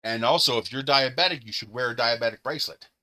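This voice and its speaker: A man's voice: mid-range voice, quick pace, pushed and bright. A man hosting a live stream, telling stories in casual chat, laughing often and swearing freely. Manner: laughs often, profane, gleeful storyteller.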